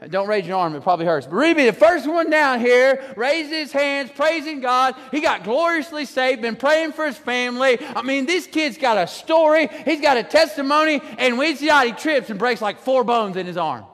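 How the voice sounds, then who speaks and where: A man preaching a sermon, animated, shouting some lines and drawing others out slowly. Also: very high-pitched, long reverb tail. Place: church sanctuary.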